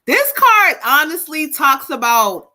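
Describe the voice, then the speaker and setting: A woman psychic medium doing a live card reading, chatty and animated with frequent laughter. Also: sits high, slow.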